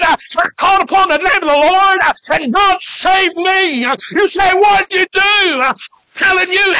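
A man from Alabama, preaching a fervent revival sermon, shouting and drawing out his words with frequent "uh" fillers. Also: extremely high pitch, no echo.

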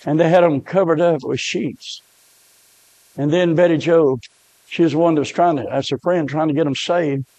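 A man's voice: on the high side, steady tone, normal speed, dark tone, no room sound. A middle-aged man, preaching a sermon with emotional storytelling. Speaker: pastor.

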